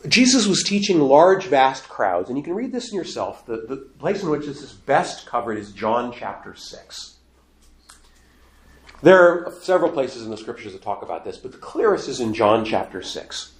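A man's voice: mid-range voice, normal speed. Man preaching in an echoey room. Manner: animated, rising to emphatic quoted lines. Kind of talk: sermon.

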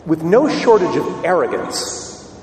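A man's voice: fairly high pitch, very animated, measured pace, darkish tone, a little hiss or hum. A man preaching a sermon, telling the story dramatically and asking rhetorical questions. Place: church. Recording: echoey hall, distant mic, faint ambience.

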